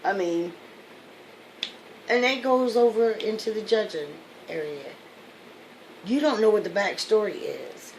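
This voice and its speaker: A woman's voice: medium pitch, expressive, measured pace, long pauses, slight background noise, poor audio. A woman vlogger talking in a casual, rambling, digressive monologue.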